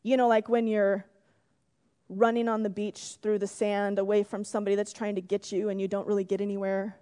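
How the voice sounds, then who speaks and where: A woman preaching a gentle sermon to her congregation, telling a story and closing in prayer, sometimes dropping to a whisper. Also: mid-range voice, little pitch movement, fairly quick. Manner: gentle, drops to a whisper for emphasis. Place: church sanctuary. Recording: long reverb in a church hall.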